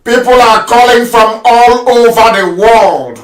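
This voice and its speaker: A man's voice: very high voice, a little slow, roomy sound, distant mic, rough recording. A man hosting a live call-in broadcast, repeating callers' words in a formal, courteous way. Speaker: radio call-in host.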